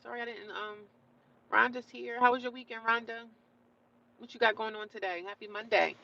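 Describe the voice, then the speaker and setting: A woman's voice: a little high, steady tone, fairly quick, creaky, sharp tone, muffled recording. A woman hosting a casual livestream, talking straight to her viewers, greeting them by name and often repeating herself as she goes. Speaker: livestream host.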